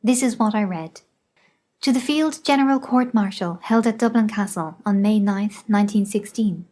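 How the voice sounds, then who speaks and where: Measured woman reader for a memoir audiobook, even mid-range voice. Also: mid-range voice. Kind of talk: scripted narration.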